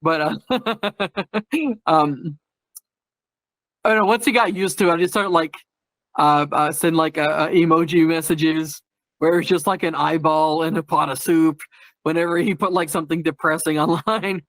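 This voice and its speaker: A podcast host chatting casually with a guest, telling rambling stories and giggling between them. He sometimes bursts out with loud silly catchphrases. His voice sits a little high and sounds dry and close. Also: steady tone, normal speed, no room sound. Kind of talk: casual chat.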